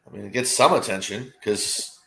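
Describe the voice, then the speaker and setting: A man's voice: fairly low pitch, normal speed, vocal fry. A man, a guest on a sports watchalong, chatting casually and swearing freely as he reacts to the game. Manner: animated, profane, exclaims at the action.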